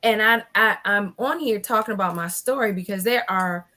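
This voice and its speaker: A woman in her forties telling her own story as a guest in a casual panel chat. She is animated and acts out other people's lines. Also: mid-range voice, moderate pace.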